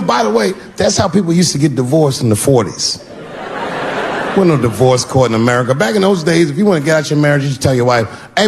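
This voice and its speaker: A man performing stand-up comedy, animated and acting out the people in his story. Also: on the high side, creaky, noisy background. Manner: animated, acts out voices.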